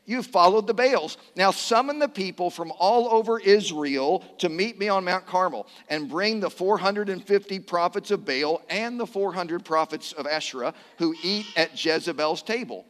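A bold, defiant prophet declaims his challenge in a high, ringing voice, as a pastor reads the part in a sermon. The lines come out loud and forceful, echoing through a long hall reverb. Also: normal speed, hardly any pauses. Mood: declaiming. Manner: declaiming, louder and higher.

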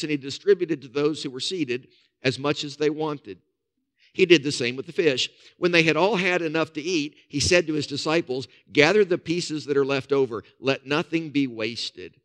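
A man, a pastor, preaching a sermon with folksy storytelling and casual asides. He drops to soft, low emphasis on key points.

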